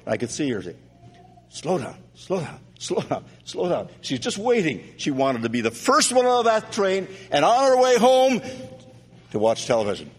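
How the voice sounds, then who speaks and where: Middle-aged male preacher from Canada, loud lively sermon delivery, slightly high voice, long hall echo. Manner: loud, animated preaching with storytelling asides.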